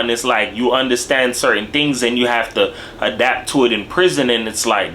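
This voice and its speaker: A young man in casual reaction commentary, talking in animated street slang and tagging his lines with "bro" and "dog". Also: mid-range voice, moderate pace, hardly any pauses, slight background noise. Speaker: video commentator.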